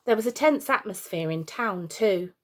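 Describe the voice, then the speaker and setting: A woman, a teacher, reading a chapter of a children's storybook aloud in a plain, steady way, with the odd small slip and restart. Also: medium pitch, moderate pace.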